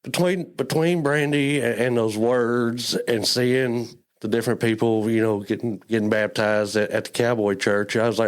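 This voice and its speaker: A man giving an earnest personal faith testimony as a church guest. He talks haltingly, often repeating his words, and sounds close to tears. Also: medium pitch, fairly even intonation. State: emotional, near tears.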